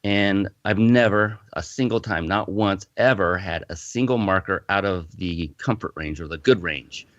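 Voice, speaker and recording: A man's voice: deep voice, moderate pace, hardly any pauses, dry recording. A man, a podcast guest, animatedly telling a personal story in a casual interview. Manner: animated storyteller, frequent restarts. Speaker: podcast guest, fitness company founder. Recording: muffled lo-fi audio, dry.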